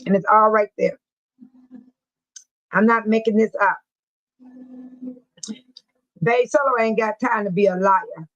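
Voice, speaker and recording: A woman's voice: mid-range voice, a little slow, pauses often, fairly bright tone, no echo, dull audio. An older woman from the Chicago area hosting a casual livestream, chatty and laughing often as she reads viewer comments aloud. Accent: Chicago-area American English. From United States. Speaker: livestream host.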